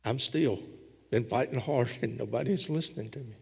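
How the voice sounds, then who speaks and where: A man's voice: medium pitch, normal speed, gravelly, a little mellow, slightly rough. A man preaching a sermon as a pastor, with a folksy storytelling manner. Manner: folksy storytelling preacher, voicing scripture characters. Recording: long hall reverb.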